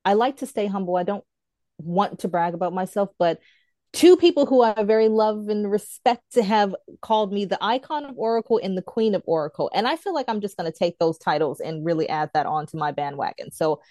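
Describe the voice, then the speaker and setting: A woman talks as a guest in a relaxed online interview. She is chatty and animated, telling stories with easy laughter. Her voice sits mid-range and sounds dry, with no room around it. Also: medium pitch, brisk, no room sound. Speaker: guest, author and tarot teacher. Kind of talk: casual interview chat.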